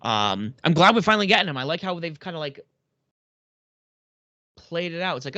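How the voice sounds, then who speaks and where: A man co-hosting a casual podcast, excitable and a little rambling. His voice sits a bit high and jumps around with energy. The recording is dry with no room sound. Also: a little fast, pauses often, no room sound, dull audio. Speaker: podcast co-host. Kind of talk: casual wrestling chat.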